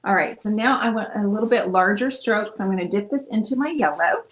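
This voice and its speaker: On a live painting stream, a bubbly middle-aged woman talks casually through every stroke of the brush. She speaks quickly in a typical middle pitch, with a faint hiss or hum in the audio.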